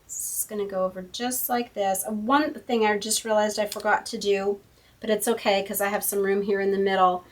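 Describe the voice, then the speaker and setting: A woman's voice: mid-range voice, fairly even intonation, normal speed, distant mic. A woman hosting a casual card-making tutorial at her craft table, chatty and thinking aloud as she works. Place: home craft room.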